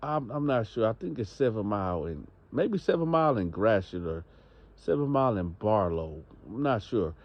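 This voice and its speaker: A man's voice: fairly low pitch, very animated, normal speed, dull audio. A man narrating a story in a loose, slangy, conversational way.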